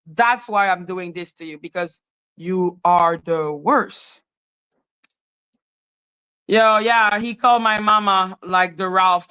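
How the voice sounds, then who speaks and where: A woman hosting a live podcast, ranting in an animated, profane way and laughing often. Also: medium pitch, clear, resonant tone, rough recording. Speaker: podcast host.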